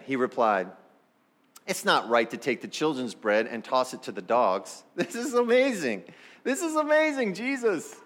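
A man's voice: mid-range voice, a bit bright. A man preaching a sermon as pastor, talking straight to the congregation in a conversational way. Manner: acts out the people in the story.

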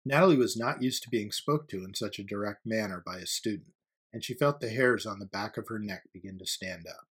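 A man narrating a story as an audiobook reader, with a steady, even-paced storytelling delivery. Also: lowish voice, brisk, slightly rough.

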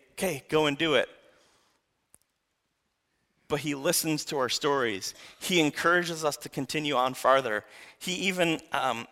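A young man preaching a sermon in a casual, animated way, often saying "like" between thoughts. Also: on the high side.

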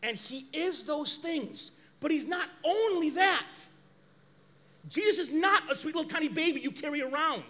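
A man preaching a sermon as pastor, lively and animated, acting out quoted dialogue. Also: very high-pitched, moderate pace.

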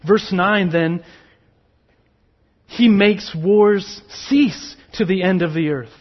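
Slow, emphatic male preacher. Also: high-pitched, dull audio. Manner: slow, emphatic preaching with dramatic drops to near whisper. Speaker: pastor. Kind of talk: sermon.

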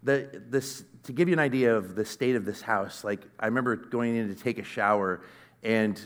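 A middle-aged man giving a sermon, telling a personal story in a conversational, earnest way that swings from loud to hushed. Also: on the low side, normal speed. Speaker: conference speaker.

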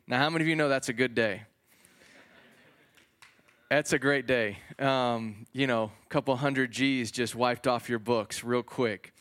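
A man's voice: medium pitch, measured pace, fairly bright tone. Male pastor, chatty sermon delivery, resonant and clean tone. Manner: conversational preaching with fillers and casual slang. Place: church hall before a congregation.

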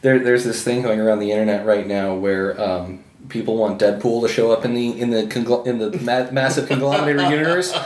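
A man's voice: mid-range voice, fairly even intonation, brisk, few pauses. A man co-hosting a casual podcast chat, rambling with frequent restarts. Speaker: podcast co-host. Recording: roomy echo.

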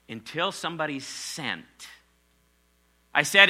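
Preacher guy, really bright voice, gets loud then drops to a whisper, asks the crowd stuff. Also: mid-range voice, sing-song, a little slow, pauses often. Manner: emphatic, swings from loud exclamations to near whispers; asks the congregation to respond. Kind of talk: sermon.

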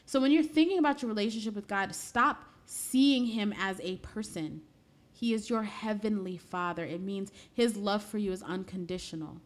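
A woman's voice: medium pitch, moderate pace. Earnest woman giving a faith talk. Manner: earnest, conversational preaching. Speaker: Christian speaker.

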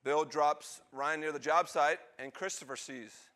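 Animated preacher telling a story. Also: male voice, fairly high pitch, a little slow. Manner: animated, acts out characters' lines. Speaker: pastor. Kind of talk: sermon storytelling.

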